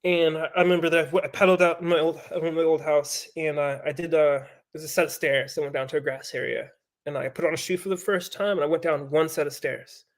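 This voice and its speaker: A pro mountain biker, a man with a fairly high pitch, talks fast as he tells a story in casual chat. He's animated, swears, and acts out the voices he quotes.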